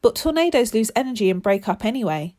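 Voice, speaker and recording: A woman's voice: a little high, sing-song, fast talker, a little mellow. A woman voicing an eager young boy showing off his knowledge in a children's story. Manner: eager, know-it-all. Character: show-off boy keen on facts.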